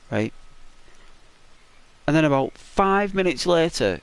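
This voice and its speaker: A man's voice: on the high side, very animated, unhurried, gravelly, pauses often, clear, resonant tone, dry recording. A man hosting a gaming channel, telling a story in a chatty, rambling way with lots of fillers and restarts, in a semi-ASMR narration over gameplay.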